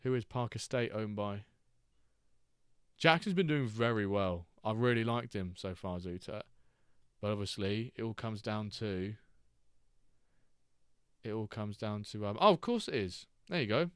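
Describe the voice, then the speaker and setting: A man's voice: on the low side, expressive, a little slow, pauses often, clean tone, dry recording, clean studio sound. Chatty man hosting a live stream. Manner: chatty and jokey, reacting to chat and games as he goes. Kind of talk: casual live-stream chat.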